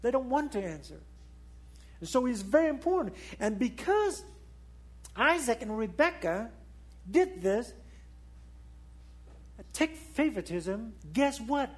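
A husky-voiced man preaching in non-native English. He keeps asking the listeners questions, climbing to loud high points and then falling back to soft, low remarks. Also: big pitch swings, a little slow, pauses often. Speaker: pastor. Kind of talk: sermon.

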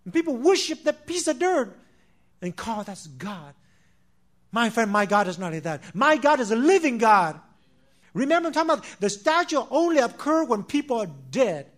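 This preacher's voice is notably high for a man, and his pitch swings widely at a moderate pace. He delivers his sermon with fervor, swelling to loud declarations before dropping to a near hush, repeating phrases for weight and calling listeners "my friend".

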